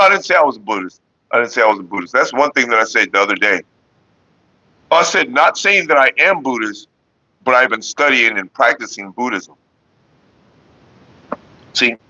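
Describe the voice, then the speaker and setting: On a dry, dull lo-fi recording, a man with a mid-range voice hosts a casual Northern California vlog. He answers his viewers in a loose, wandering, profane fashion and talks about remaining calm.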